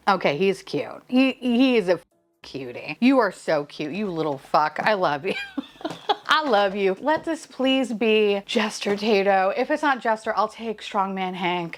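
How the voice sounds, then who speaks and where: Lively, giggly woman unboxing toys. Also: medium pitch, measured pace, faint music behind. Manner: swears freely, gushes and laughs often. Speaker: vlogger unboxing blind boxes. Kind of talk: casual unboxing chat.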